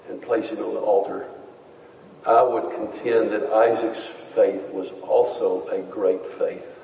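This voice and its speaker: A man preaching a sermon, teaching in a measured and earnest way. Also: fairly low pitch, warm tone, slight background noise. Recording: echoey hall, voice from far off.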